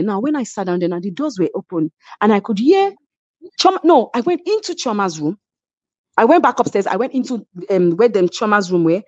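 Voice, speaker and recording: Lively Nigerian woman telling a story. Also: medium pitch, no room sound. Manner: emphatic, keeps asking "do you understand?". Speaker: reality show cast member, interview guest. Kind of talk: animated storytelling in an interview. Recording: dull lo-fi sound.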